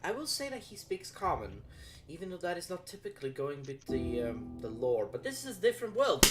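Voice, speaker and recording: A woman's voice: fairly low pitch, brisk, over music. A woman narrating as dungeon master of a tabletop game, swearing and laughing as she goes. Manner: animated, swears, laughs often.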